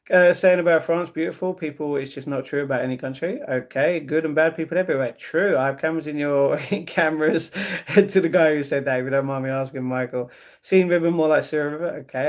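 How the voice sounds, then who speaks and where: A man hosting a casual livestream, reading viewer comments aloud and answering them with easygoing replies. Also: on the high side. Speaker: livestream host.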